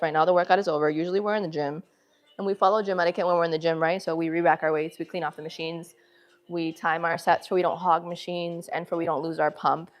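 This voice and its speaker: A woman with a northern city accent chats to her livestream viewers from the gym, loose and slangy. Her voice sits a little low for a woman. She talks straight to the camera like she's talking to friends. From northern United States. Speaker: livestream host. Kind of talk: casual livestream chat. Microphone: phone camera.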